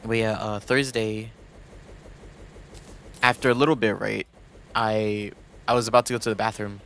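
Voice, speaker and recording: A man's voice: on the low side, steady tone, normal speed, creaky, a bit bright, slight background noise. A young man streaming and chatting casually, rambling with lots of restarts and quoted asides. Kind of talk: casual chat.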